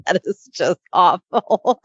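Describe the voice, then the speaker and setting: A woman co-hosting a comedy podcast who speaks slowly and laughs easily, echoing the host's lines back. Her voice is a little high and very lively, recorded dry and a bit dull. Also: slightly rough. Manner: laughs easily, echoes what the host says. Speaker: podcast co-host. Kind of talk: casual comedy chat.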